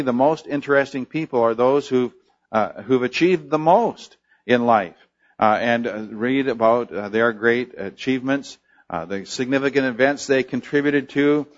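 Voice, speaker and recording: A man's voice: medium pitch, dull audio. A man preaching a sermon, explaining a scripture passage unhurriedly with frequent fillers and restarts. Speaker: pastor.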